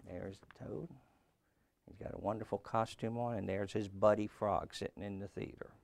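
A man's voice: on the low side, steady tone, normal speed, vocal fry. A man preaching a sermon in an emphatic way, often repeating his phrases.

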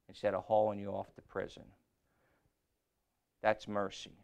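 A middle-aged man preaching a sermon, shifting from quiet talk to loud scripture reading. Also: fairly low pitch, fairly even intonation, normal speed, long pauses.

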